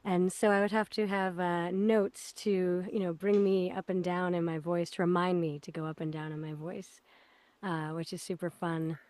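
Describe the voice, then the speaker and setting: A woman voice actor chats in a bubbly, friendly way as a podcast guest, her voice a bit low for a woman. The sound is dry and close, with no room echo. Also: little pitch movement, normal speed, a little mellow. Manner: bubbly, laughs, demonstrates voices. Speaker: voice actress guest. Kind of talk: casual interview chat.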